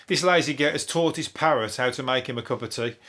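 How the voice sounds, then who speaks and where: A rambling comic from rattles through the day's odd news on his own podcast. He swears freely, trips over his words and chuckles at his own jokes, and his voice sits at an everyday middle pitch. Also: fairly quick, bright, forceful tone. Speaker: podcast host. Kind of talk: comedic news review.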